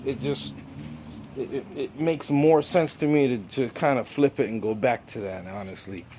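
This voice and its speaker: A man's voice: mid-range voice, moderate pace, dark tone, slight background noise. An American man, raised speaking Jamaican patois, in a rambling, profane vlog monologue full of fillers. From United States.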